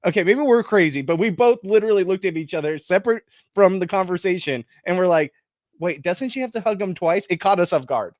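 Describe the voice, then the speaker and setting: A man's voice: high voice, expressive, brisk, dry recording, clean studio sound. A man co-hosting a casual podcast chat, speaking in an earnest, emphatic way. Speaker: podcast co-host.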